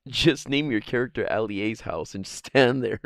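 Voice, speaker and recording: A man's voice: medium pitch, moderate pace, no echo. A man streaming live, chatting casually in a rambling, profane way and laughing often as he answers chat. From Guam.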